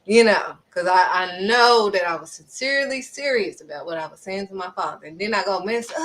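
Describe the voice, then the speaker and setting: A woman's voice: mid-range voice, fairly quick, hardly any pauses, a bit bright, slight background noise. A woman speaking earnestly and conversationally, giving spiritual encouragement with dramatic little asides. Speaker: faith vlogger.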